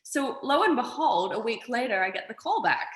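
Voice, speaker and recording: An actress from Australia telling stories in a casual interview, animated and expressive. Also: female voice, fairly high pitch, normal speed, echoey room, rough recording. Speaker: actress, guest.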